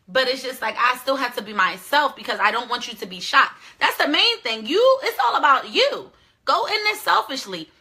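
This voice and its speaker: Woman, show host, blunt and profane, casual advice monologue, fairly high voice. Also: bright, forceful tone.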